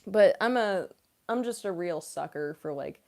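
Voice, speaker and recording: A woman's voice: fairly low pitch, expressive, measured pace, a little mellow. A young adult woman, a voice actress, chatting casually on a live-stream Q&A, giggly and full of "like" fillers.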